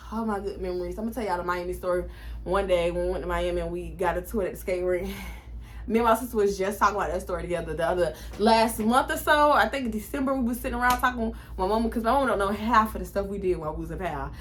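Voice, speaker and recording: A woman in her twenties telling a storytime in a casual, animated, profane way, acting out what people said. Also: medium pitch, quick pace, slight background noise. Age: 20s. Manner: animated, profane, acts out quotes. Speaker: vlogger.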